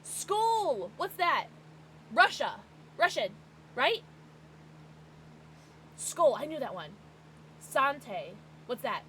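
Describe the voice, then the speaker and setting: A fairly high, bright American woman's voice that jumps all over the place as she chats with her viewers. She is excitable and bubbly, and she gasps and laughs often in casual livestream talk. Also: drawn-out words, pauses often, slight background noise. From United States.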